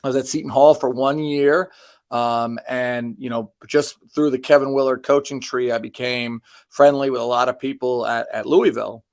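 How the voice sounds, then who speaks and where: A man's voice: medium pitch, steady tone, normal speed, a little mellow, no echo. Rambling dry-humored man coach. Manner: rambling, many ums and restarts, dry self-deprecating jokes. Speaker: basketball coach, guest. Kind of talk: casual interview answers.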